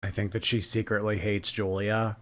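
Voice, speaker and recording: A man's voice: on the low side, normal speed. A man chatting casually on a live stream, teasing and sarcastic. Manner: sarcastic, teasing, lively intonation. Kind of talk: casual livestream chat.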